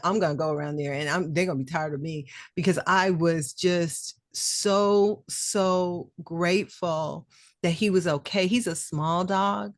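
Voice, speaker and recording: A middle-aged woman, a podcast co-host, telling a personal story in a casual, animated and emotional way. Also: fairly low pitch, unhurried, no room sound, clean studio sound. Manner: animated, emotional storyteller who acts out quoted voices.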